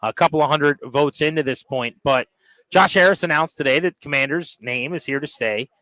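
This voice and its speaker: A male sports radio co-host with a slightly high voice, reading a sponsored poll segment in a measured, conversational way. His sound is dry and close to the mic, with no room echo. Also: pushed and bright. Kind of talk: radio talk and sponsor read.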